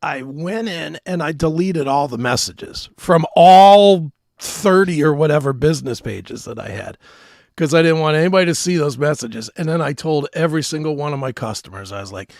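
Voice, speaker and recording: A man's voice: fairly high pitch, lively intonation, moderate pace, gravelly, darkish tone, no echo, studio quality. A man co-hosting a podcast, telling stories in a casual, profane chat. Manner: profane, storytelling. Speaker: podcast co-host.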